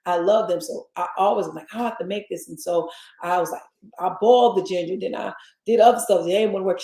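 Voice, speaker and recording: A woman's voice: lowish voice, mellow. A woman with a Southern US accent hosting a casual chat show, rambling and talking straight to listeners as y'all. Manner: chatty, addresses listeners as y'all, rambling asides. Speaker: host. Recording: echoey room.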